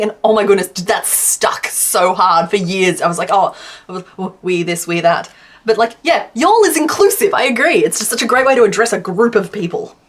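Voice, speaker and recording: An Australian woman from Western Australia chatting casually to her live-stream chat while crocheting, laughing often. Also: medium pitch.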